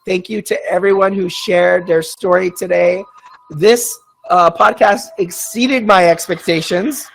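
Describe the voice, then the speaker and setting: A man's voice: high voice, steady tone, unhurried, vocal fry, low-quality recording. A man hosting a casual storytelling podcast, rambling and chatty with lots of fillers, reading out listener comments. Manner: reads out audience chat comments. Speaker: podcast host.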